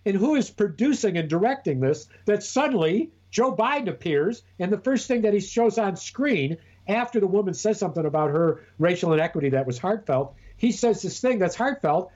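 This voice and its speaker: A man's voice: sits high, animated, moderate pace, hardly any pauses, darkish tone, dull audio. A man co-hosting a podcast in casual chat, rambling and profane with many restarts. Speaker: podcast co-host.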